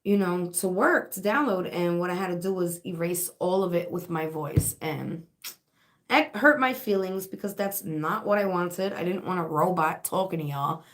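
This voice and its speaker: A woman's voice: on the low side, moderate pace, fairly bright tone. Chatty woman with a sore throat. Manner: chatty and rambling, with frequent fillers and laughs. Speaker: live spiritual reader and online shop owner. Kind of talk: casual livestream chat.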